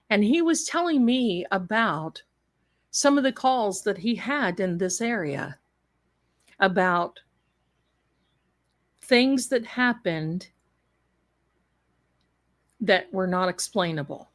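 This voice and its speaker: Unhurried woman spinning a lively yarn, quick to laugh. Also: mid-range voice. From Tennessee. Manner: animated, laughing, quotes others in put-on voices. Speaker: storyteller guest. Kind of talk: casual storytelling on a live stream.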